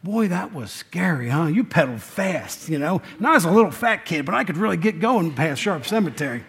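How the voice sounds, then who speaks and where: A man's voice: fairly high pitch, sing-song, fairly quick, creaky, fairly bright tone, breathy edge. A man, preaching a folksy sermon and asking the congregation questions. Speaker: pastor.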